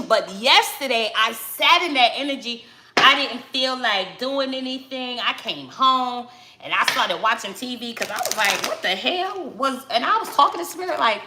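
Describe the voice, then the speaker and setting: A woman with a Brooklyn accent talking casually and candidly, loud and direct, in a reflective vlog. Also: fairly high pitch, reverberant. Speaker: spiritual vlogger, tarot reader.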